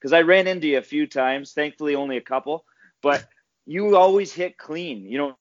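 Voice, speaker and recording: A man's voice: on the high side, moderate pace, no echo, highs cut off. A man hosting a podcast, chatting casually with enthusiasm and profanity. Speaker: podcast host, former hockey player. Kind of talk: casual chat.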